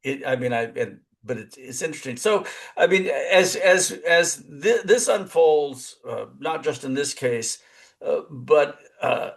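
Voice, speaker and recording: A man, a professor, interviewing in a webinar, halting with many uh's and restarts. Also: on the high side, expressive, vocal fry.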